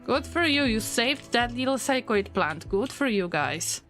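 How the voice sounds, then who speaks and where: Slow-talking, higher-voiced woman streamer fretting over her game. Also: expressive, a bit bright, soft background music. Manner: frets aloud and talks to her colonists. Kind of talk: gameplay commentary.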